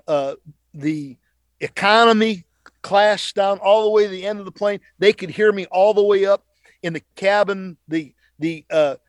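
A man's voice: high voice, dry recording. A middle-aged male preacher telling a dramatic testimony on a talk show, emphatic and repeating phrases for effect.

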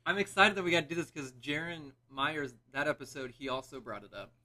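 A man's voice: a little high, animated, a little fast, pushed and bright. A man guesting on a casual podcast as a local comedian, talking in an easygoing way from a couch at home and laughing along.

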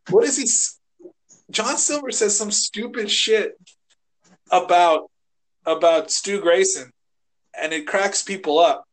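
A man co-hosting a casual podcast, rambling and animated, swearing and acting out quotes as he retells scenes. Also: high voice. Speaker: podcast co-host. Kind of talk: casual chat.

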